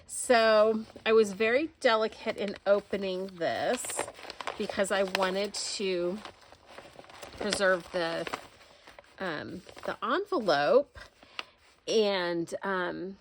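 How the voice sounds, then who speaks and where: A crafting vlogger unboxes gifts at home in a casual video recorded on a camera, gushing effusively with many exclamations. Her voice is medium-pitched and slow, with slight background noise.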